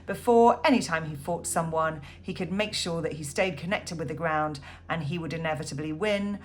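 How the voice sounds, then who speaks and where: A woman teaching a poetry lesson, counting syllables aloud in a measured way with frequent ums. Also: sits low. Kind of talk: poetry lesson, annotating a text.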